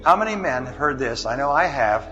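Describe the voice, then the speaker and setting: A man's voice: mid-range voice, lively intonation, brisk. A man giving a motivational seminar lecture, working through numbered points. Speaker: motivational speaker. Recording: dull lo-fi recording under music.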